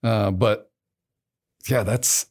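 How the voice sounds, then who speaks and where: A man's voice: lowish voice, steady tone, very slow, darkish tone, breathy edge. A man from the United States hosting a podcast, chatting casually in a playful, teasing way. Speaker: podcast host. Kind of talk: casual conversation.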